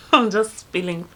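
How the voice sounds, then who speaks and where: A young Kenyan-accented woman rambles through a storytelling vlog, chatting casually and laughing at herself. Her voice is a little high, with a faint hiss or hum, and she sometimes drops to a hush.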